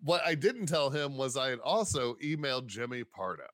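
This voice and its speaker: Comedian guest, male, dry close sound, lively raconteur who acts out quotes and swears. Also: medium pitch, normal speed, dry recording. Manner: animated, acts out quoted voices, swears casually. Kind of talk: casual interview storytelling.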